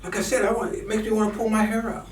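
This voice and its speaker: A man's voice: high voice, steady tone, quick pace, recorded from a distance, a little hiss or hum. A man ranting fervently in a preachy style, often repeating words when worked up. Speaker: commentator. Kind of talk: impassioned political rant. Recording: echoey room, voice from off-mic.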